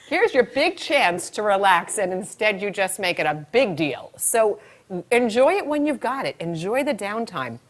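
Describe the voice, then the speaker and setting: A woman's voice: mid-range voice, measured pace. A woman who teaches childbirth, talking expectant mothers through labor and acting out scenarios as she goes. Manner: animated, acts out scenarios. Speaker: childbirth educator. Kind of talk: instructional talk to expectant mothers.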